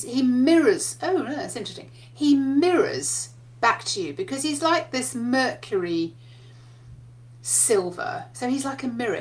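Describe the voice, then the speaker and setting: Spiritual teacher, a woman with a fairly high voice who talks in a chatty storytelling way. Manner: chatty storytelling, laughs often. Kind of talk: casual spiritual talk.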